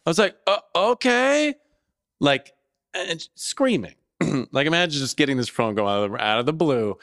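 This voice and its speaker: A man's voice: medium pitch, moderate pace, fairly bright tone, no room sound, clean studio sound. A man co-hosting a podcast, casually telling a story and acting out both sides of a phone call. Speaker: podcast co-host and landlord.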